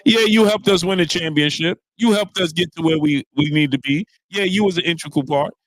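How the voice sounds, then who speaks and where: A New York man with a slightly high, brisk voice, recorded dry, hosts a casual live-streamed sports talk show. He's animated and preachy, repeating lines for emphasis and greeting viewers in the chat.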